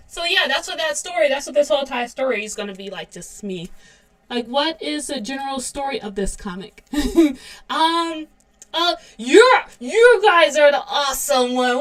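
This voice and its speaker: A woman's voice: high voice, a bit bright. Chatty woman in her thirties, giggly. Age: 30s. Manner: chatty, laughs often, self-deprecating. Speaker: webcomic artist streaming. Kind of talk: casual livestream chat.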